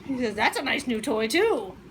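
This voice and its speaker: A woman vlogging casually at home, playful and chatty and quick to laugh. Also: a little high, a little hiss or hum. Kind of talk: casual home vlog chat.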